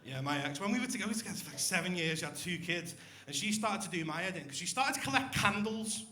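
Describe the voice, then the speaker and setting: A man's voice: sits high, expressive, fast talker, pushed and bright. A young man doing a crude, swearing stand-up routine with crowd work on a comedy club stage. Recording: echoey club room.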